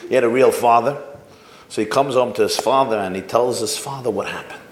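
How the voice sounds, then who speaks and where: Animated storytelling rabbi in an echoey room. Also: male voice, medium pitch, brisk. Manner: animated, storytelling, engages audience with questions. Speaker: rabbi lecturing to staff. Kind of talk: storytelling lecture. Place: lecture room with an audience. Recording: echoey room, faint room noise.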